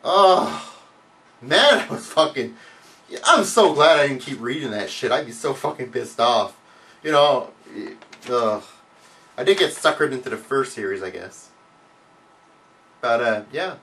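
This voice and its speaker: A man hosting his own vlog, answering viewer questions in a casual, heavily profane rant that bursts into loud, mocking outcries. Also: very animated, a little slow, pauses often, recorded from a distance. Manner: swears a lot, mocks with loud high outbursts.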